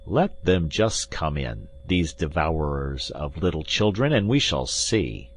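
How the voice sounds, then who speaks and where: A man's voice: low-pitched, big pitch swings, slow, a bit bright, slight background noise, full character voice. A man doing a hollow-voiced, jeering musketeer. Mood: calm, jeering. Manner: drawling, mocking. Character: calm, jeering musketeer man locked in a cellar.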